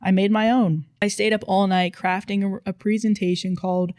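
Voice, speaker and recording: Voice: mid-range voice, flat delivery, normal speed, a little mellow, no room sound. A narrator reading online posts aloud in casual storytime style, with dry, playful emphasis.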